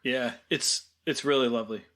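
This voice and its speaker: A man co-hosting a film podcast, adding points and gently pushing back in casual chat. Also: mid-range voice, fairly even intonation. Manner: measured, adds points and gently pushes back. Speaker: podcast co-host.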